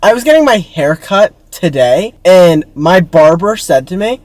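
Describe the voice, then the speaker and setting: A young man in casual chat, laughing easily and reacting in a lively way. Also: high voice, measured pace, no room sound. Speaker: co-host.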